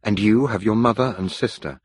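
A man's voice: fairly low pitch, fairly quick, breathy edge, dry recording. A man voicing a proper young wife who answers firmly and coldly, with his voice lifted a little.

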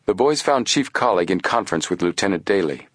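Husky low-voiced male audiobook narrator. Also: brisk, no echo, studio quality. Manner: steady storytelling, expressive.

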